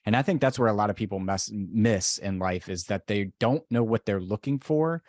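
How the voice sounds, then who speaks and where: A man's voice: fairly low pitch, moderate pace, darkish tone, dry recording, studio quality. A man in an interview, explaining his views in a reflective, conversational way.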